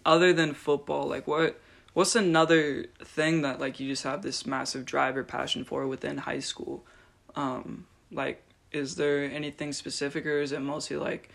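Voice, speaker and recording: A man's voice: on the high side, creaky, a bit bright. A young man hosting a casual interview podcast, rambling with many filler words as he asks questions. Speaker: podcast host.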